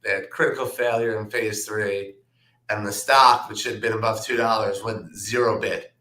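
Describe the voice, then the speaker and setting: A man, a trader, telling stories from his career in a relaxed anecdotal way, with plenty of "um" and "like". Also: lowish voice, normal speed. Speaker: trader and guest. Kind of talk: casual storytelling. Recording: roomy echo.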